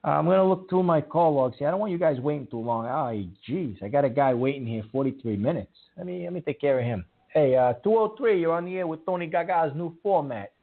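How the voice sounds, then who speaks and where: A gravelly, fairly high-voiced man runs a call-in show, emphatic and repetitive, scolding callers one moment and thanking them the next. The sound is thin and phone-like. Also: lively intonation, brisk, hardly any pauses. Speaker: call-in radio host. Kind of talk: talk radio hosting. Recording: tinny phone-like audio.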